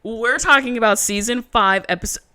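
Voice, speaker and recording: A woman co-hosting a podcast, chatting casually in a profane, animated storytelling way. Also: a little high, normal speed. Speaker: podcast co-host. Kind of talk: casual recap chat.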